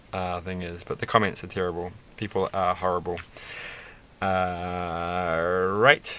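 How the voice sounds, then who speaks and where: A man's voice: deep voice, bright, forceful tone. Rambling man chatting while building Lego. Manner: chatty, rambling, self-amused asides. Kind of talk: casual rambling build commentary.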